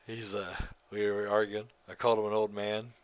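A man's voice: on the low side, level tone, moderate pace, clear, resonant tone. A tired man hosting a podcast on his own, talking in a rambling, profane and emphatic way and yawning now and then. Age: adult. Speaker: podcast host. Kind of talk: casual solo monologue.

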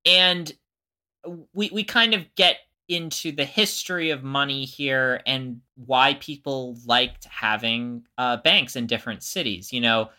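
A man's voice: medium pitch, measured pace, sharp tone. A man co-hosting a podcast who explains history in a casual way and thinks aloud. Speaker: podcast co-host.

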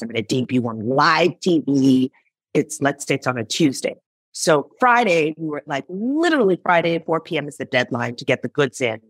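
A woman in her thirties talks through her story as a guest in an interview. Her voice sits fairly low but leaps up and down with lively expression. She acts out her own past lines, and the sound is dry, with no room echo. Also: husky. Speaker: founder and CEO, interview guest. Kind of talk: conversational interview.

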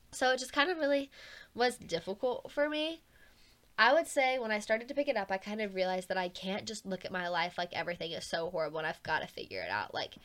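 A woman's voice: mid-range voice, fairly bright tone, smooth, dry recording. A young woman hosting her own podcast, talking through a hard year in a frank, earnest, casual monologue full of "like". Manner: chatty, heavy use of "like", frank and earnest. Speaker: podcast host.

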